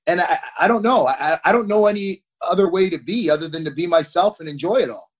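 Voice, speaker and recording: A man in his thirties, a hockey player telling stories as a podcast guest, animated and acting out what people said. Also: high voice, fast talker. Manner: animated, acts out quotes. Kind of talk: podcast interview, storytelling.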